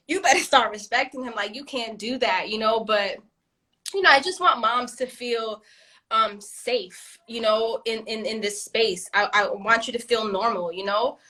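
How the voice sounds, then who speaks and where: A woman co-hosting a casual chat, animated and frank, swearing freely and laughing often. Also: on the high side, unhurried. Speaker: podcast co-host.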